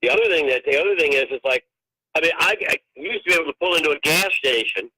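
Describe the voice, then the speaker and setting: A man's voice: fairly high pitch, lively intonation, fast talker, pushed and bright, breathy edge. An older man, a touring comedian, telling profane road stories on a phone call. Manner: profane, ranting storyteller. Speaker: guest comedian. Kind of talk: casual storytelling. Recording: tinny phone line.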